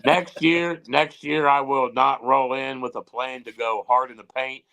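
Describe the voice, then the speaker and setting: Gravelly, easygoing male podcast newcomer, mid-pitched, joking. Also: steady tone, unhurried, a bit bright, low-quality recording. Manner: laid-back, joking storyteller. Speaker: newcomer co-host. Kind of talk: casual podcast chat.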